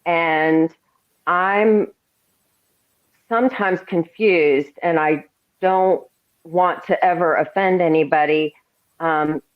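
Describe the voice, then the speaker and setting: A woman in a casual group chat, asking a question carefully and hesitantly, with many pauses and fillers. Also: low-pitched, phone-quality sound.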